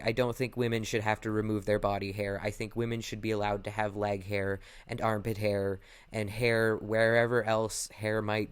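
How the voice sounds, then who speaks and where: A man's voice: fairly low pitch, clear, resonant tone. A young man talking candidly to camera in a casual personal vlog, rambling a little and correcting himself often. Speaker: vlogger.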